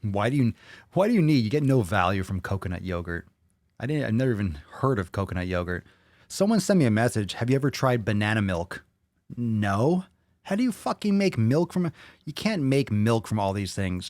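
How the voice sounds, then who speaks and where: A man's voice: fairly low pitch, very animated, moderate pace, darkish tone, no room sound. A man hosting a podcast, reading viewer comments aloud and reacting to them bluntly, with a lot of swearing. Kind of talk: casual chat.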